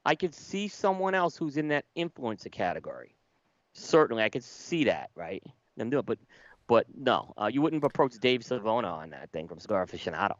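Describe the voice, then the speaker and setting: A man's voice: medium pitch, sing-song, a little fast, dry recording. A man co-hosting a podcast, speaking casually and emphatically. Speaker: podcast co-host. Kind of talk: casual chat. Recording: dull lo-fi sound.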